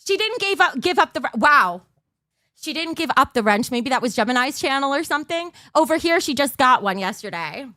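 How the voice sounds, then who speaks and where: A woman streamer chatting to her viewers, overtired and scattered, always losing her thread. Her voice sits a touch high and leaps up and down all over the place. The sound is dry and close, with no room around it. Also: very animated, a little fast, sharp tone, no room sound. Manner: scattered, rambling, loses her train of thought; bursts into a mock auctioneer patter. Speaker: livestream host. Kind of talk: casual livestream chat.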